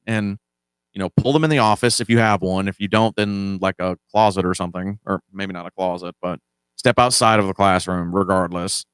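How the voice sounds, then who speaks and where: A man tells a long story in a relaxed monologue and acts out the lines of the people in it. His voice sits low and comes across smooth and resonant. The recording is dry, with the mic close. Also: brisk, no room sound. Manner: conversational, acts out quoted dialogue. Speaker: podcast host.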